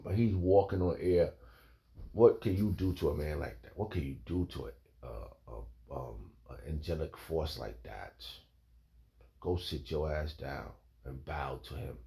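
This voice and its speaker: A man's voice: very deep voice, lively intonation, unhurried, creaky, mellow. A man preaching in a rambling, emphatic way, reading scripture and calling his listeners "man" and "bro". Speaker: informal preacher.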